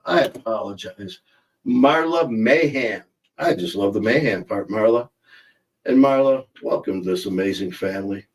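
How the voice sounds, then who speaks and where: Low-voiced joking male livestream host. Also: darkish tone, far from the mic, poor audio. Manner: joking, rambling, reads out viewer comments. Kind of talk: casual livestream chat. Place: in a car.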